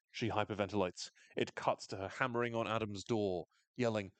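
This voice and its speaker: A man casually recapping a TV episode on a podcast, animated, sweary and wry. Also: lowish voice, brisk, hardly any pauses, no room sound.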